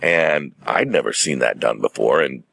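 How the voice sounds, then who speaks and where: A middle-aged man, a stage actor, telling stories in a relaxed, measured way as an interview guest. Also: a bass voice, vocal fry, husky, no room sound. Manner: measured, theatrical anecdote-telling with acted-out quotes.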